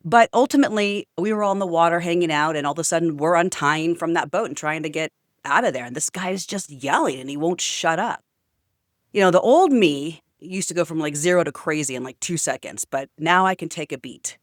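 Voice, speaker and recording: A woman's voice: sits low, animated, fairly quick, no room sound, studio quality. A woman telling a story to camera in a casual, outspoken rant. She swears freely and fills her talk with chatty asides. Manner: chatty with many fillers. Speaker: vlogger.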